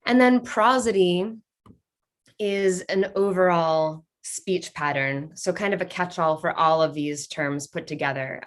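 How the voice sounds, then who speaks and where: A woman leading an online workshop over a video call, playful and upbeat as she reads out answers from the chat. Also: low voice. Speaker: workshop leader.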